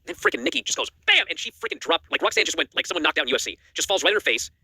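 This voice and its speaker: Fast, animated man recapping wrestling. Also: fairly high pitch, gravelly, breathy edge, no room sound. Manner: rapid animated recap, acts out quotes. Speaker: wrestling news co-host. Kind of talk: casual recap chat.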